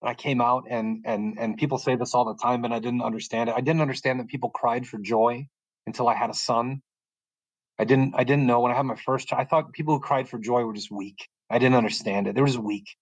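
A middle-aged man from the United States telling a personal faith testimony in a calm, soft-spoken way, often pausing and restarting as he gets emotional. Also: mid-range voice, dry recording. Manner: halting and emotional, frequent restarts. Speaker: podcast guest sharing testimony. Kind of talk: personal testimony, casual storytelling.

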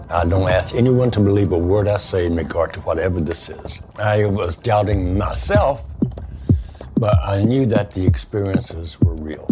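An older man telling his own experiences in an earnest, matter-of-fact way, in an interview clip. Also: low voice. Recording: played clip with loud music behind.

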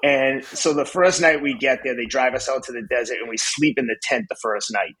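A husky man in his fifties tells his story as a podcast guest, at a middle pitch. He is blunt and excitable and swears freely as he talks. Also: a little fast, rough recording. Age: 50s. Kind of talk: casual storytelling.

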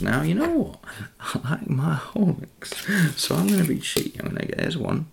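A man in a home kitchen talking through a drink recipe in a soft, chatty, giggly whisper, with cutlery and dishes clattering. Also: fairly high pitch, big pitch swings, normal speed, vocal fry, slight background noise. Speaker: ASMR creator. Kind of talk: whispered ASMR cooking demo. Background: cutlery and dish clatter.

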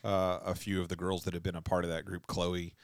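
Man, podcast host, low voice, very dry sound, friendly teasing. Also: monotone, fairly quick, no room sound. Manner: friendly, teasing, trails off softly. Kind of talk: casual interview chat.

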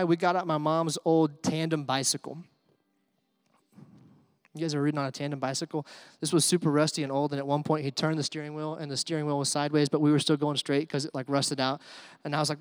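A man preaching an Easter sermon in a conversational way, with asides and fillers, swinging from hushed to excited. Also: on the high side, dry recording, clean studio sound. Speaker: pastor.

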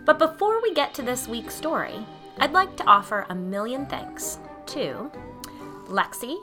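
A woman podcast host narrating a spooky story in a measured, wry storytelling manner. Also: high-pitched, sing-song, bright, forceful tone, faint music behind.

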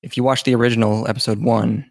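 A man's voice: mid-range voice, little pitch movement, fast, creaky, no echo, studio quality. A man co-hosting a casual anime discussion podcast, laid-back, swearing casually and trailing off with fillers. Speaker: podcast co-host.

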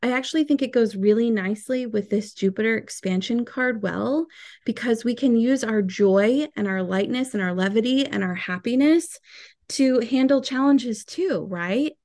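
A woman's voice: medium pitch, dark tone. A woman reading out oracle card messages and chatting about them in a soothing, reassuring way. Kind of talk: card reading and casual chat.

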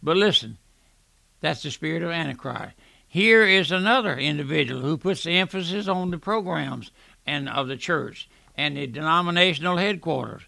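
A man's voice: fairly high pitch, expressive, normal speed, creaky, pushed and bright, dry recording. An older man preaching a radio sermon, earnest, often restarting words and calling the listener "my friend".

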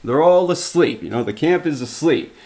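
A man's voice: fairly high pitch, animated, moderate pace, mellow. A man teaching a Bible study, retelling scripture stories in plain everyday words with restarts and asides.

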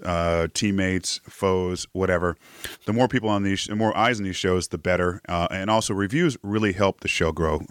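A low-pitched man hosts a live podcast in a casual, chatty way, filling pauses with "uh" and laughing often. His voice sits close and dry, with no room sound around it. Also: a bit bright, smooth, no echo. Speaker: podcast host. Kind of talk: casual livestream chat.

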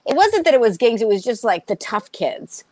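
A woman's voice: a little high, moderate pace, no echo. A young woman comedian with a Boston-area accent, chatting in an interview and telling sarcastic stories, acting out the voices of the people in them. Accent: Boston-area American. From Massachusetts, USA. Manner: animated storyteller, acts out voices, sarcastic. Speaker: comedian guest. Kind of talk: casual interview chat.

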